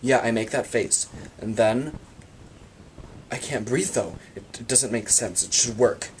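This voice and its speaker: A man telling absurd comic stories about his free time in a deadpan monologue. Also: mid-range voice, unhurried, a little hiss or hum. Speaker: vlogger.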